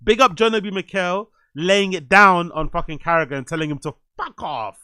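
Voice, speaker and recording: A man's voice: high-pitched, brisk, clean tone, no room sound. A young man, hosting a stream and reacting to clips with blunt, profane commentary. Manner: blunt, profane, animated ranting.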